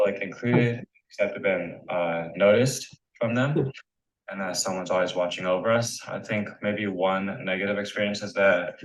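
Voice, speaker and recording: A young man in his teens answering interview questions about his church, with many pauses and fillers. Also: low voice, a bit bright. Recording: roomy echo.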